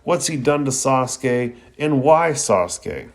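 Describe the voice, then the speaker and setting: A man's voice: mid-range voice, animated, takes it slowly, voice pushed up. A man voicing a teenage girl ninja who pleads and calls out urgently. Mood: pleading.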